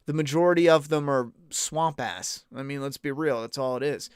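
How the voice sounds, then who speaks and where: A man's voice: a little high, moderate pace, a little hiss or hum. Blunt, profane man chatting casually. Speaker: podcast host. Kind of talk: casual live-stream chat.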